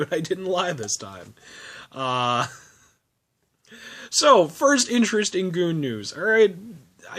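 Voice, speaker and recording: A man's voice: a little high, a bit bright. A man reviewing a film in a casual vlog, rambling, laughing often and swearing.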